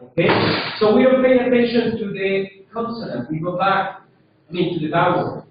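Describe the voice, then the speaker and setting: High-voiced teacher, echoey room. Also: male voice, moderate pace, noisy background. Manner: drills pronunciation, checks with frequent "okay?". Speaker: English teacher. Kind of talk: classroom grammar lesson. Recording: echoey room from far off, dull.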